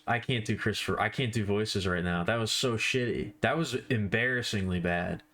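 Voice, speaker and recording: A man's voice: on the low side, normal speed, hardly any pauses, bright, forceful tone. A man chatting casually on a live stream while he draws, rambling and self-deprecating, with offhand swearing.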